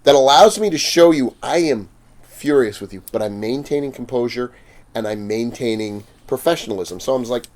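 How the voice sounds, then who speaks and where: A man's voice: mid-range voice, expressive, fairly quick, darkish tone, slight background noise. A man, a podcast guest, telling stories in a casual way, swearing freely and laughing as he acts out the other people in them. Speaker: podcast guest, fang maker. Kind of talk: casual storytelling. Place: podcast studio.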